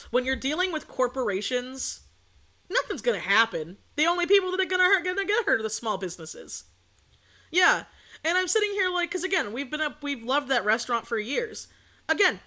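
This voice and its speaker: A young woman chats on her stream in a bright, higher voice, outspoken and animated as she tells a story. Her throat is sore, but she keeps talking bluntly and casually. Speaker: VTuber streamer. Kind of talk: casual chat.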